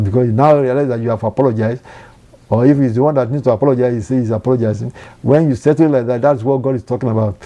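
A man's voice: mid-range voice, mellow. A man preaching a sermon, earnest and repetitive, often quoting scripture.

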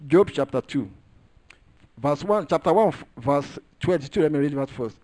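Guy preaching a sermon, kinda high voice, punches the big words, keeps repeating himself. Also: lively intonation, moderate pace, a little mellow. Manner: emphatic, rising and falling with stress on key phrases; repeats phrases while working through scripture.

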